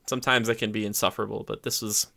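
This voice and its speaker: A man on a podcast talks casually through a movie review. His voice is bright and forward. He keeps slipping into quoted character voices to act out scenes. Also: fairly low pitch, flat delivery, very fast, creaky. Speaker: podcast co-host.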